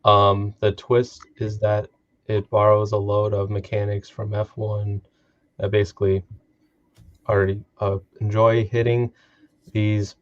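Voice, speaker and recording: A man reads a gaming news piece aloud on a live stream. His voice sits low and stays flat, and he keeps stumbling and restarting words. The audio is dull and lo-fi. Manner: halting, stumbles and restarts while reading. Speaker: co-host.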